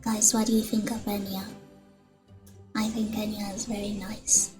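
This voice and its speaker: A young woman streaming her first ASMR session, talking softly and often whispering, nervous and rambling. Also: mid-range voice, flat delivery, normal speed, low-quality recording. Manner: soft-spoken, often whispering. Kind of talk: casual ASMR stream chat. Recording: music playing behind.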